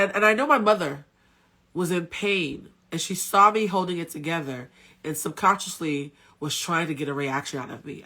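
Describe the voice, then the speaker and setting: Candid coach on a live stream, woman with a bright, forceful voice, blunt and cussing. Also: lowish voice. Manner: candid, blunt, swears freely. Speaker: spiritual coach and tarot reader. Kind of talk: casual live-stream storytelling. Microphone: phone.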